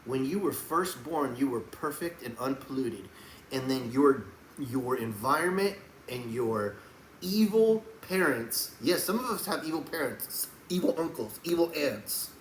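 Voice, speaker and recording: A man delivering a rambling faith monologue to camera, preachy and emphatic, often breaking into loud raised outbursts. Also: mid-range voice, expressive, unhurried. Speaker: Christian video blogger. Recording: echoey room with faint background hum.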